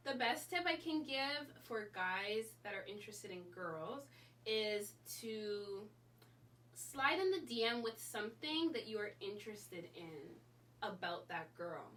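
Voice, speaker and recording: A woman's voice: mid-range voice, very animated, unhurried, fairly bright tone, distant mic. A woman guest giving frank dating advice in a casual chat, talking freely and acting out what people say. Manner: frank, chatty, laughs often, acts out quoted lines.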